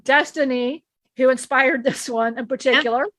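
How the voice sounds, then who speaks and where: An ancient divine male being delivers a spiritual lesson, as a woman channels him in a high voice. He preaches emphatically, circling back to the same point again and again with restarts. The sound is dry and close. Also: steady tone, moderate pace, a bit bright, no echo. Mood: earnest.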